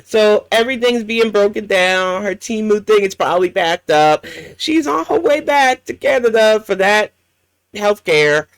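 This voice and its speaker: A woman's voice: medium pitch, lively intonation, unhurried, smooth, no echo. A woman hosting a reaction commentary, ranting bluntly and swearing often. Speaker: commentary channel host.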